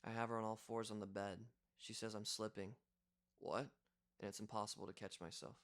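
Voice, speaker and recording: A man's voice: lowish voice, level tone, fairly quick, fairly bright tone. A young man reading a first-person audiobook in a casual, conversational way. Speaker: audiobook reader.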